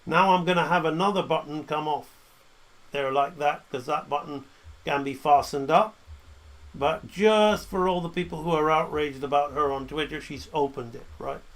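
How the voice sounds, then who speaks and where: A man's voice: a little high, normal speed, a bit bright. A man teaching animation drawing, talking through each stroke as he draws and often checking in with "right?". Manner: talks while drawing, frequent "right?" checks. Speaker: animation instructor. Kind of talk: drawing tutorial narration.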